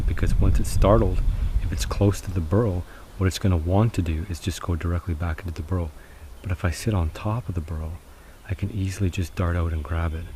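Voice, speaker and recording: A man's voice: low voice, background noise. A man narrating an outdoor survival vlog, chatty and speaking straight to viewers, outdoors in rural fields at dusk. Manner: chatty, addresses viewers as guys. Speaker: survival challenge vlogger.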